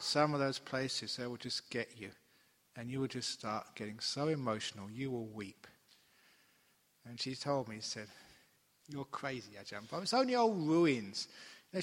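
Older guy monk giving a dharma talk, lively and joking, big echoey hall. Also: mid-range voice. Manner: animated storytelling with laughs and playful asides. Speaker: Buddhist monk teaching a retreat. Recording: long hall reverb.

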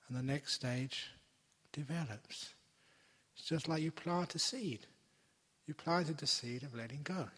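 A man giving a gentle, playful meditation talk as a teacher, slowing down for emphasis. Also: medium pitch. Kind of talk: dharma talk. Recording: long hall reverb.

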